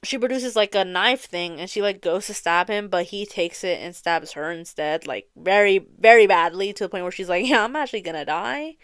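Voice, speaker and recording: A young woman with a smooth, clear voice of middling pitch chats her way through a long story as a podcast host. She rambles, swears freely and leans on filler words. The sound is dry and close, with no room in it. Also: a little fast, few pauses, fairly bright tone, no room sound. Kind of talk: casual storytelling chat. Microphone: close studio mic, audio only.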